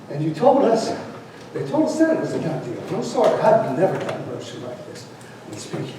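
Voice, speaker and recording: A defiant man delivers an impassioned public comment at a meeting. His voice sits somewhat high and carries from a distance in a very echoey hall, with a noisy hiss beneath it. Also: big pitch swings, a little fast.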